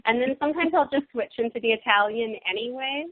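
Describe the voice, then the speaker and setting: A woman's voice: on the high side, fast talker. An adult woman, an actress and activist, answering interview questions and telling stories with frequent giggles. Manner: warm storytelling, giggles between phrases. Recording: dry tinny phone-line audio.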